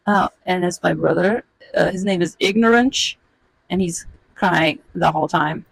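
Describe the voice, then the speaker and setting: A woman's voice: lowish voice, unhurried, gravelly, breathy edge, no echo, low-quality recording. A woman in her forties telling a comedic illustrated story in a wry, sarcastic, roasting way. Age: 40s.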